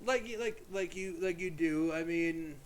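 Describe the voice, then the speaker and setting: A man's voice: a little high, measured pace. A young man chatting casually at home, retelling an old tale in a rambling way with lots of fillers and restarts. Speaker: YouTube creator. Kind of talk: casual storytelling monologue.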